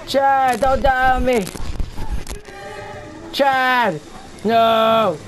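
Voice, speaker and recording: A man doing loud, taunting commentary while playing a horror game. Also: very high-pitched, lively intonation, moderate pace, noisy background. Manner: loud, taunting, trash-talking. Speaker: gamer. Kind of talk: gameplay commentary. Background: game music.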